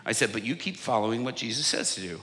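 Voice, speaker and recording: A man preaching a sermon from a stage, telling a story and acting out what people said, often getting much louder. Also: medium pitch, fast. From United States. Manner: animated, acts out quotes with big swings in loudness. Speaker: evangelist preacher. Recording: long hall reverb.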